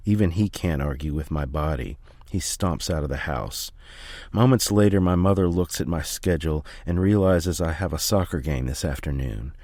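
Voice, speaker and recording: Man, very low voice, steady memoir reading, dry close recording. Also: moderate pace, no echo. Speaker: audiobook reader. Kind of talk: first-person memoir reading.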